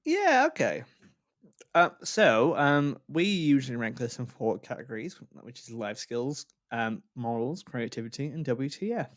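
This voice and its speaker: A man's voice: mid-range voice, very animated, unhurried, dry recording, studio quality. A man co-hosting a comedy podcast, chatting playfully with rambling jokes. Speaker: podcast co-host. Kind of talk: comedic casual chat.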